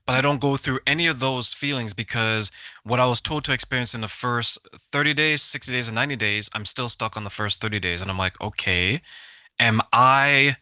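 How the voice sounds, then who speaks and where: Male host, reflective questioner, bright sharp voice, dry sound. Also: medium pitch, quick pace, no room sound. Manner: reflective, asking questions by voicing a listener's doubts. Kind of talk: casual conversation.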